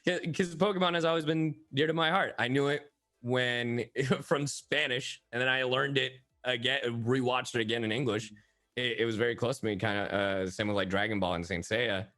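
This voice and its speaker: A man's voice: medium pitch, fairly even intonation, normal speed, a bit bright, soft background music. A man, a voice actor on a panel, telling a story in casual chat with stammered restarts.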